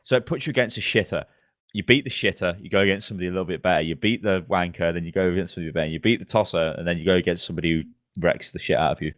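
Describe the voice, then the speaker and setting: A young man with a fairly low voice co-hosts a casual gaming podcast. He laughs often and swears freely as he tells a story. The sound is dry and close to the mic. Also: racing, no echo. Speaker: podcast co-host.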